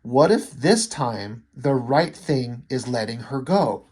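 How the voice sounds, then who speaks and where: An anguished young wife pleads through a painful choice, read aloud by a man from a comic page. The reading is plain and conversational, with a middle pitch and no real put-on voice. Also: expressive, takes it slowly, darkish tone, husky. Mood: pained, pleading. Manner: reads the quotes off the comic page in his own plain voice. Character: anguished young adult woman, wife in pain.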